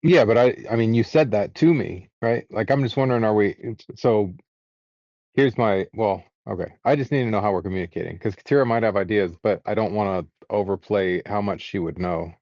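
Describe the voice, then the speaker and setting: A man's voice: on the low side, a little fast, darkish tone, no room sound, highs cut off. A man playing a tabletop game, thinking aloud in a rambling way. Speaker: player. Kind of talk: casual tabletop chat.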